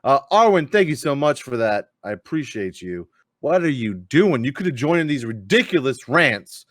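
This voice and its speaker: A man's voice: mid-range voice, big pitch swings, normal speed, fairly bright tone, no room sound, studio quality. A man hosting a live-streamed gaming talk show, chatting loosely with lots of fillers and the odd swear word. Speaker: podcast host. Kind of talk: casual live-stream chat.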